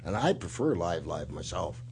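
A man's voice: low-pitched, big pitch swings, moderate pace, darkish tone, a little hiss or hum. A man hosting a casual talk show, telling rambling stories and laughing often. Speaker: podcast host and retired wrestler. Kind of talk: casual chat.

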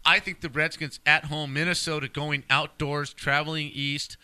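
A man's voice: a little high, little pitch movement, normal speed, pushed and bright, smooth. A man co-hosting a casual sports talk show, speaking emphatically and repeating his points with strong opinions. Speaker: podcast co-host.

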